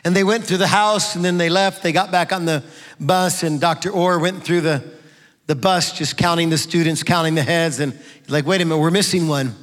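A middle-aged man preaching a fervent sermon in a church, building to shouts. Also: on the high side, fairly even intonation, normal speed. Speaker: pastor. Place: church sanctuary. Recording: long reverb of a large hall.

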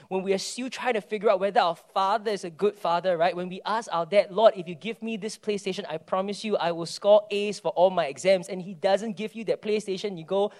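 A pastor delivers a sermon in a high, light voice. He talks to the congregation like a friend, telling stories and tagging his points with "right?". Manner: conversational, animated storytelling with frequent "right?".

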